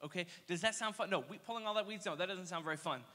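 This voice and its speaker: A young man preaching a casual youth sermon, telling energetic, slangy stories with playful asides. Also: high-pitched, very fast. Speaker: youth pastor. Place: church hall. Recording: long reverb of a church hall.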